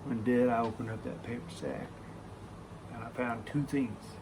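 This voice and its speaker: A man telling a story from his working life in a casual, animated way, full of swearing. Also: medium pitch, normal speed, background noise. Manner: profane, animated raconteur.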